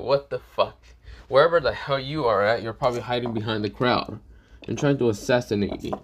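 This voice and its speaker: A man's voice: mid-range voice, fairly bright tone, slight background noise, lightly acted. A man voicing a cold, blunt young swordsman who swears often and rambles dismissively, in a casual spoken fan story. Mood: grumbling.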